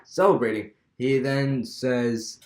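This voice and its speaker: A man's voice: medium pitch, slow, a little mellow. Young man, casual vlog talk, rambling, restarts, medium voice, echoey room. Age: young adult. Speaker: wrestling fan vlogger. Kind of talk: casual fantasy booking monologue.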